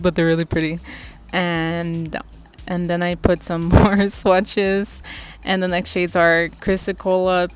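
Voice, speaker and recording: A young woman vlogger casually reviewing makeup, gushing and excitable and swearing freely. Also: fairly low pitch. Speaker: beauty vlogger.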